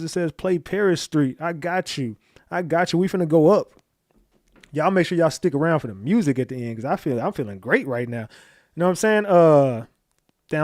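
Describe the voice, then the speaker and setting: A man with a fairly high voice hosts a livestream with loud, hyped energy. He swears freely and keeps thanking his chat. The sound is close and dry, with no room echo. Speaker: livestream host. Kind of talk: casual livestream talk to chat.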